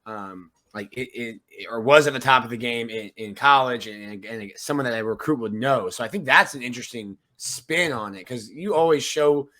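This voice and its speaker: A man talks on a sports podcast as a reporter, with a bright, forceful voice. He lays out his thinking in a measured, analytical way. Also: medium pitch. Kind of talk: casual sports podcast chat.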